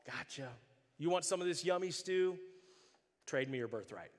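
A man voicing a sly, scheming younger brother who speaks in a low, hushed, wheedling way. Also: expressive, normal speed, in a large hall, natural voice.

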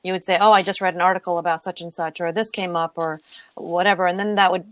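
A woman's voice: fairly low pitch, steady tone, fast, fairly bright tone, no room sound. A middle-aged woman co-hosting a casual chat podcast. She talks in an easy, chatty way and laughs often. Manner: giggly, chatty, reacts with frequent laughs. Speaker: podcast co-host.

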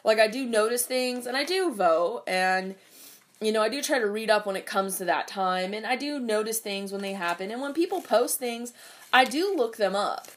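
A woman's voice: on the high side, expressive, moderate pace. A young adult woman ranting casually about politics and work, swearing often and rambling with lots of fillers.

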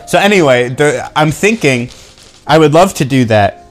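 A young man co-hosting a podcast, telling a story in an animated, exasperated way and acting out quoted exchanges. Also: on the high side, normal speed, faint music behind. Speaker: podcast co-host. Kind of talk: casual chat.

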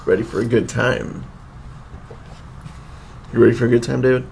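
A man's voice: medium pitch, level tone, moderate pace, gravelly, darkish tone, slight background noise. A man co-hosting a podcast, chatting casually with teasing, laughing, profane banter. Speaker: podcast co-host. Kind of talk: casual chat.

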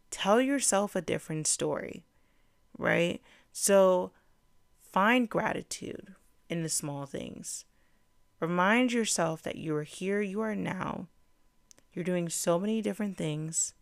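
Young female podcast host, earnest and encouraging, repeats key points, low and smooth. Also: no room sound, clean studio sound. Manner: earnest and conversational. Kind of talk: self-help talk.

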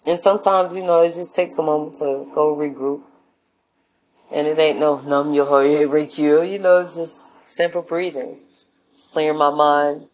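A woman gives her viewers life advice in a laid-back, slangy, casual monologue, acting out voices in her anecdotes. Her voice sits low with a darkish tone, and the recording is rough, with slight background noise.

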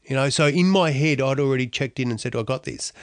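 A middle-aged Australian man, a former athlete, telling his story in a lively, slangy, self-deprecating way. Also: mid-range voice, fast, no echo. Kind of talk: storytelling talk.

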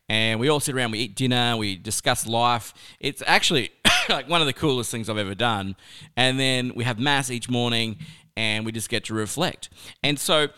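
Smooth-voiced man telling a lively story. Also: mid-range voice. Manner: chatty, animated, laughs through the story. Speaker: speaker sharing a life lesson. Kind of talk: personal storytelling.

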